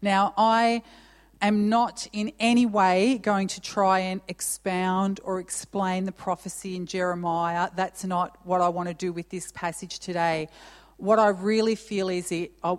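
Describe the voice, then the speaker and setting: A woman preaching a sermon to her church, earnest and emphatic, repeating key phrases and reading scripture aloud. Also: mid-range voice. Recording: long church reverb.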